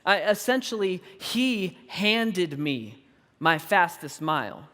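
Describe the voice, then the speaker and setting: A man in his thirties preaching a sermon, telling a personal story in an animated, self-deprecating way and laughing often. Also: high voice, slow pace, big-room sound. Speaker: pastor. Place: large church auditorium.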